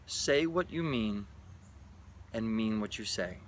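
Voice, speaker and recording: A man's voice: fairly low pitch, animated, takes it slowly, over loud music. A man vlogging to camera on a selfie stick, joking and swearing in a mock-exasperated way. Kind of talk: casual to-camera vlog.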